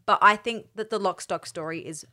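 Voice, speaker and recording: A woman in casual film chat, enthusiastic and gushing, piling on repeated praise. Her voice sits at an ordinary middle pitch for a woman. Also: fairly quick, sharp tone.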